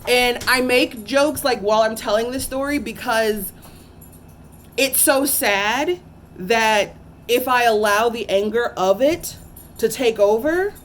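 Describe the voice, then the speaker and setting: A young adult woman, a teacher, earnestly telling a personal story to camera, halting with fillers and restarts. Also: on the high side, slight background noise.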